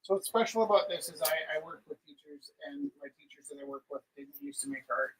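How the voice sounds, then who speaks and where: A man's voice: high voice, very animated, quick pace, a bit bright, rough recording. A middle-aged man hosting a live art auction, chatting casually and rambling through stories with many fillers. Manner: rambling, storytelling with filler words. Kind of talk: casual live-stream chat.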